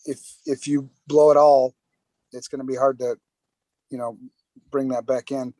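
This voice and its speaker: A man co-hosting a casual podcast who talks in a halting way, often repeating himself and filling pauses. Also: mid-range voice, level tone, warm tone, no echo. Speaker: podcast co-host.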